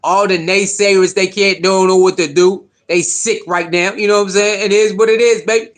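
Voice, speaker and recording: A man hosting a casual sports livestream, talking in an animated, repetitive, slangy way and greeting viewers in the chat by name. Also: high-pitched, normal speed.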